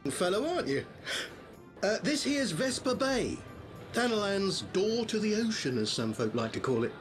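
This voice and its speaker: A man's voice: high-pitched, sing-song, moderate pace. An actor playing a folksy male harbor local who greets a newcomer in homely, colloquial speech. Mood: welcoming. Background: game music.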